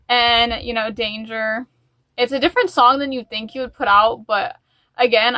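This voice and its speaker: A woman's voice: a little high, bright, forceful tone, no echo. A woman chatting in a casual music vlog, rambling and openly emotional. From United States. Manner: chatty and rambling, with fillers and restarts. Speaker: music vlogger.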